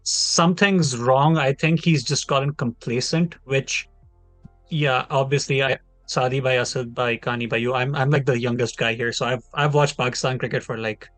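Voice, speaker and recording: A man's voice: mid-range voice, fairly even intonation, normal speed, a bit bright, dry recording, faint music behind. A man in his twenties, a podcast panelist giving a long, heated, opinionated take in casual discussion. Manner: opinionated, talks at length, heated.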